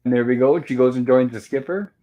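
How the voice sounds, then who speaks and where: A man's voice: mid-range voice, fast, muffled recording. A man hosting a casual review show from home, retelling a TV episode in a loose, rambling way, often chuckling and repeating "and of course.". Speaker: host recapping a TV episode.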